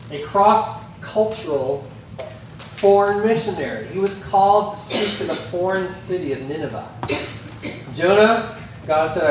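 Slow-preaching man in an echoey hall. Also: fairly high pitch, recorded from a distance, slight background noise. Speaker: pastor. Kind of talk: sermon.

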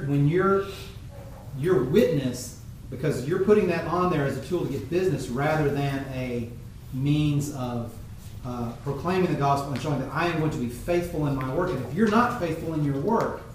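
A man preaching a sermon in a measured teaching tone, pausing often with fillers. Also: fairly high pitch, darkish tone, a little hiss or hum. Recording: very echoey room, mic far off.

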